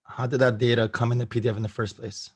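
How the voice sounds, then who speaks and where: A man presenting to a group on a video call, hoarse from losing his voice, upbeat and laughing between points. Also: mid-range voice, level tone, quick pace, no echo. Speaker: guest presenter.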